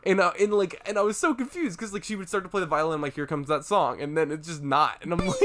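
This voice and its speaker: A young man co-hosting a podcast in casual chat, excitable, laughing often and acting out scenes as he tells them. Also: high voice, rapid-fire. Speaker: podcast co-host.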